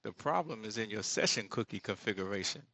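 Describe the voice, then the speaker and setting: A man with rambles through his work in a casual screen-share commentary, often pausing to search for the right word. His voice is gravelly with a bright, forward edge. The sound is dry and close, with no room around it. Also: on the low side, animated, no room sound. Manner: thinks aloud, rambling asides, searches for words. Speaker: solo creator building an app.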